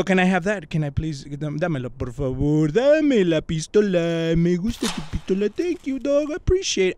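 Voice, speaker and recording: A man giving excitable, swearing, comedic commentary while playing a game, slipping between English and Spanish slang. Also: high-pitched, a little hiss or hum. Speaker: VR gaming YouTuber.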